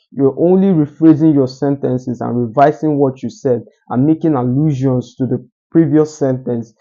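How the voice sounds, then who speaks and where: A man talking straight to the camera with deliberate pauses, teaching how to speak more articulately. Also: mid-range voice, warm tone, highs cut off. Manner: deliberate, uses pauses for emphasis. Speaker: communication coach. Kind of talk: solo talking-head advice.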